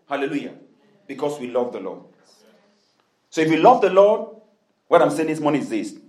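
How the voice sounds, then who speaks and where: A man's voice: high-pitched, reverberant, rough recording. A man preaching a sermon as pastor, with repeated amens and hallelujahs, then leading the congregation in prayer and speaking in tongues. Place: church hall.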